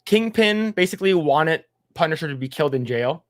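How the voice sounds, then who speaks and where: A man's voice: on the high side, expressive, brisk, no room sound. A man co-hosting a podcast, recapping a show in casual, profane chat and acting out the scenes in little voices. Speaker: podcast co-host.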